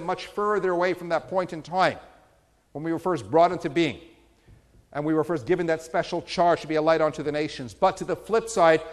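A man's voice: sits high, big-room sound. A man, a rabbi, giving a sermon with jokes and stories that rise to emphatic peaks. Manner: storytelling with humor, rising to emphatic peaks.

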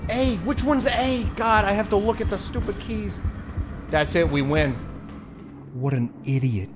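A young man giving excitable, swear-filled let's play commentary on a horror game, yelping and shouting at scares. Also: sits high, measured pace, over music. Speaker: gamer.

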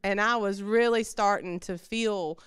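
A woman's voice: mid-range voice, steady tone, a little slow, clear, resonant tone, no echo. Woman sharing a heartfelt testimony. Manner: conversational, heartfelt storytelling with fillers. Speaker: church member giving testimony. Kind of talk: personal testimony in a church service.

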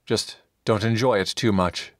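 A man's voice: fairly low pitch, measured pace, fairly bright tone, dry recording, studio quality. A man voicing a fanatical, self-righteous paladin in an audiobook, proclaiming his faith in a commanding tone. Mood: zealous.

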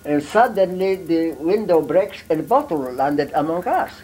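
A man in his eighties with a Polish accent, a war veteran telling his story in halting, broken English with many fillers. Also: fairly high pitch, lively intonation, a little mellow, husky, poor audio. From Poland. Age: 80s. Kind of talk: storytelling in an interview.

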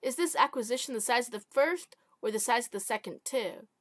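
A woman's voice: on the high side, animated, normal speed, sharp tone. A woman voicing a commanding alien captain in a self-read short story. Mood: questioning.

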